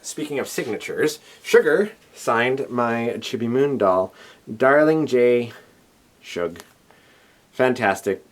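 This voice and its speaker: A man's voice: mid-range voice, animated, takes it slowly. A young man from Canada chatting casually in a video diary, rambling with lots of fillers, his voice a little worn. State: voice slightly worn. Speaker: convention organizer vlogging. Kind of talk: casual chat.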